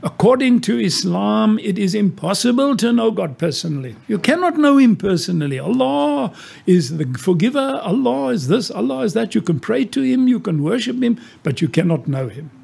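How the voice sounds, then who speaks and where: A man's voice: high-pitched, very animated, moderate pace, vocal fry, darkish tone, husky, pitched above the performer's own voice, full character voice. A man putting on a firm, insistent young woman. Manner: insistent, repetitive declarations. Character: earnest young woman, matter-of-fact and firm.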